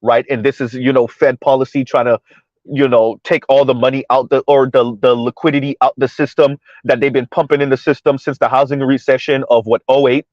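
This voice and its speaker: A man's voice: medium pitch, flat delivery, brisk, a little mellow, dry recording, highs cut off. A man giving casual commentary to his viewers while driving through floodwater, chatty, repeating himself and laughing often. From South Florida. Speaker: commentary vlogger.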